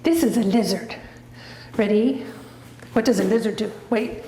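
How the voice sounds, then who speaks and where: A woman's voice: medium pitch, moderate pace, dark tone. A woman training her dog, chatting casually and giving patient, coaxing short commands. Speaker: dog trainer showing her dog's tricks. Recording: echoey room with faint background noise.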